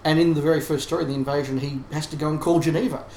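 A man's voice: fairly high pitch, steady tone, rapid-fire, a little mellow. A man co-hosting a casual podcast discussion, talking in a thoughtful, analytical way with frequent restarts. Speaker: podcast co-host. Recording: roomy sound with faint background hiss.

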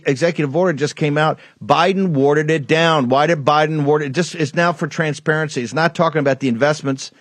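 In a dry recording, a male political talk show host with a fairly high voice rants, heated and fired up, rambling with many restarts and asides.

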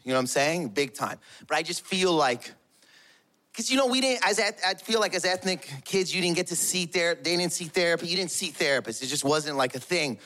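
A man's voice: fairly high pitch, lively intonation, brisk, pushed and bright. A man performing a stand-up comedy set, telling stories in a rambling, profane way.

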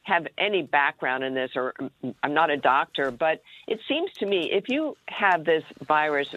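A woman guest commentating on the news by phone, measured and hedging as she thinks aloud. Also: sits low, lively intonation, fairly bright tone. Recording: dry tinny phone line.

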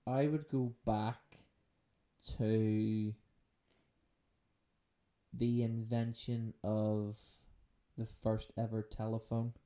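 A woman with an extremely low voice and a dark, mellow tone, hosting a loose podcast chat. She jokes around, spins playful what-if stories and answers listener questions with a teasing edge. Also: flat delivery, very slow, pauses often. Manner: playful, joking, storytelling. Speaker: podcast host. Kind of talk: casual unscripted chat.

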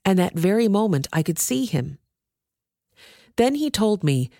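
A woman's voice: a little mellow, no room sound, studio quality. A woman reading a scripture passage aloud as scripted narration, lifting her voice for the quoted speakers. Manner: measured, lifts pitch for quoted speech. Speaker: scripture reader.

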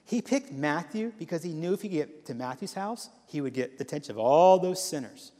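A man's voice: on the high side, fairly quick. Casual storytelling man preaching in a reverberant hall. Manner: casual, storytelling, animated with asides. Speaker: guest lay preacher. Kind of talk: sermon. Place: church sanctuary.

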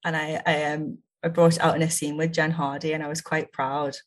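A woman's voice: sits low, little pitch movement, brisk. A woman improv performer being interviewed, chatting eagerly and laughing often. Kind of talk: casual chat.

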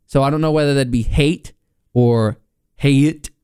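A young man hosts a casual college sports rundown, his voice smooth and clear. He reads scores and standings in a chatty way with small asides. The sound is close and dry. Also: mid-range voice, moderate pace, a little mellow, dry recording. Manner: chatty, reads results with fillers. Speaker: sports show host.

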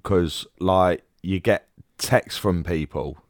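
A man's voice: low-pitched, slow pace, no room sound, clean studio sound. A man with a Cockney accent, co-hosting a podcast in a laid-back, blokey way. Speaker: podcast co-host. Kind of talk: casual podcast chat.

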